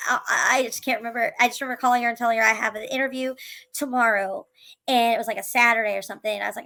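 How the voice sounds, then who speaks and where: A woman's voice: on the high side, pushed and bright, poor audio. A woman, a single mother, earnestly telling her own life story to camera, emotional, with tumbling restarts and repeated words. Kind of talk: candid personal storytelling to camera.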